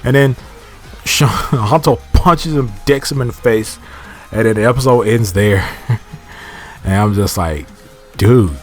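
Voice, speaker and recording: A man's voice: lowish voice, unhurried, long pauses, soft background music. A man casually recapping a TV episode in a rambling, slangy way, often restarting his sentences. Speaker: TV episode reviewer.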